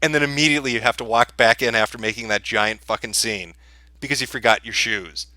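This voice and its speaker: Sneering bright-voiced male commentator. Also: mid-range voice, quick pace, no room sound. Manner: crude, sneering, amused. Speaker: podcast host. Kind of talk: profane mocking commentary.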